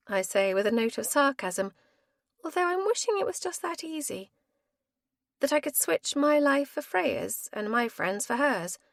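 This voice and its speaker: A woman narrating a first-person thriller audiobook in a lively, expressive reading. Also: a little high, gravelly, dry recording, clean studio sound.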